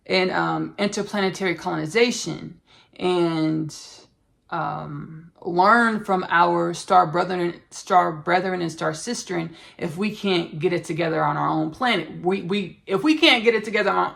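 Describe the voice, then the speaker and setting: A woman hosting a podcast, talking earnestly in a spiritual monologue, halting and repeating herself with many fillers. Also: lowish voice, vocal fry, fairly bright tone. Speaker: podcast host.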